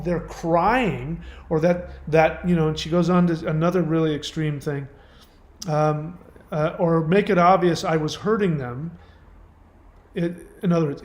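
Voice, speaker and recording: Blunt, emphatic male host with a slightly high voice, recorded in an echoey room. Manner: blunt, emphatic, tells personal stories. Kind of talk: commentary on a viewer's message.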